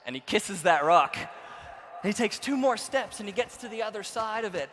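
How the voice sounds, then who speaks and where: A young man giving a storytelling keynote speech to a conference audience in a large hall, going from quiet narration to shouted excitement. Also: high voice, normal speed, a little hiss or hum. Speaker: keynote speaker. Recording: reverberant hall with faint ambience.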